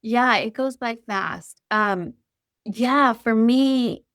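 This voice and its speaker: A middle-aged woman, a podcast guest, talking in an earnest, reflective way that is often halting. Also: a little high, fairly bright tone, dry recording, clean studio sound. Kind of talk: casual chat.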